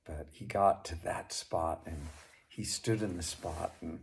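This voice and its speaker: A man narrating a folk tale as a storyteller, with unhurried delivery and chatty asides to the listener. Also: low-pitched, steady tone, creaky.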